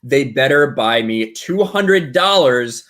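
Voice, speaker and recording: A man's voice: medium pitch, lively intonation, slow pace, fairly bright tone. Upbeat man hosting a charity stream. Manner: upbeat, thanking donors with fillers. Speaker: stream host. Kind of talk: casual stream chat.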